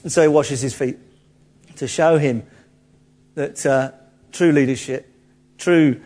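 A man preaching to a congregation in an animated, chatty way, cracking jokes as he goes. His voice sits a little high for a man. He acts out the people he quotes. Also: takes it slowly. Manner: lively, jokey, conversational, acts out quotes. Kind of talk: sermon.

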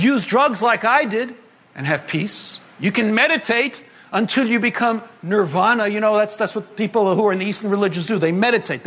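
A man preaching a sermon to a congregation, animated and humorous, moving between emphatic and hushed delivery. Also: sits high. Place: congregation gathering.

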